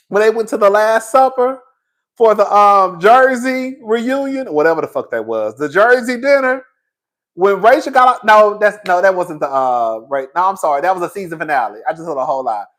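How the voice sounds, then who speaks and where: Sassy man spilling reality tv tea, cussing, cackling, acting out shouted fights, bit tipsy. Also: sits high. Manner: sassy, profane, laughs often, acts out loud shouted impressions. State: a little tipsy. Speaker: commentary host. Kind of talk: animated reality-TV gossip commentary.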